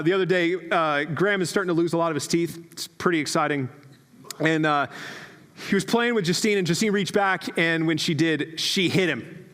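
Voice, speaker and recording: A man in his thirties preaching a sermon as a pastor, telling stories in a conversational, self-deprecating way with quick asides. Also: on the high side, a bit bright. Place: church sanctuary. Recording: long reverb of a church hall.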